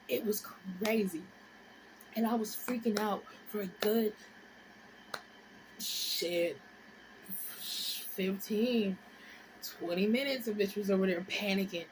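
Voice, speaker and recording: A woman in her twenties tells a story on her vlog, animated and profane, dropping into whispers and rising into shrieks. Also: mid-range voice, slow pace, long pauses, background noise. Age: 20s. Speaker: vlogger.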